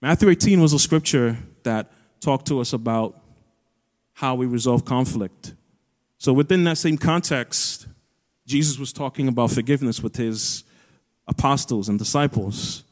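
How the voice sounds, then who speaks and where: Preaching in a big church auditorium, an earnest pastor speaks at a normal speed in a medium-pitched voice. His sermon climbs toward raised, emphatic peaks, with long hall reverb around him.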